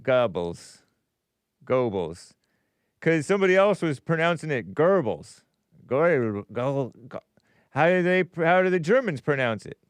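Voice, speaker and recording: A man hosting a live call-in show, talking casually and thinking aloud. His voice is smooth and resonant. The sound is dry and close, with no room echo. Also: on the high side, very animated, moderate pace. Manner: musing aloud, stumbling over pronunciations. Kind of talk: casual live-stream chat.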